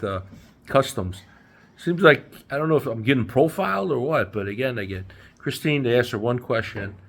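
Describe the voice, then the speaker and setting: In a travel vlog shot on a handheld phone, a man in his sixties chats casually with a fairly low-pitched voice, rambling like a storyteller and using lots of fillers. He starts indoors in an apartment and later moves out onto city streets, with slight background noise.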